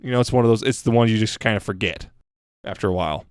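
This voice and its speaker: Man, low voice, casual podcast co-host, rambling, dry close sound. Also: quick pace, clear, resonant tone, no echo. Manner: rambling, many restarts and laughs. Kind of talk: casual chat reviewing a cartoon episode.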